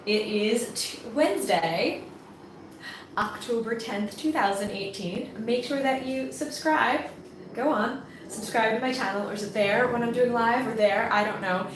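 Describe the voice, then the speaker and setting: A woman's voice: on the high side, measured pace. Chatty woman vlogging into an echoey phone. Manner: chatty and rambling, with frequent fillers and restarts. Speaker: channel founder and ministry vlogger. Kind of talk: casual spoken reflection to camera. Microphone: phone on a selfie stick. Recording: echoey room, faint background hum.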